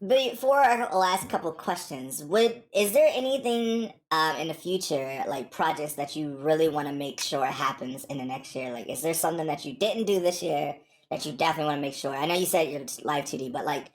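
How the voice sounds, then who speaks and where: A woman's voice: low-pitched, lively intonation, brisk. A woman hosting a podcast interview, chatty and gushing, with lots of "like" and "um". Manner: gushing, chatty, with many fillers. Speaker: podcast host.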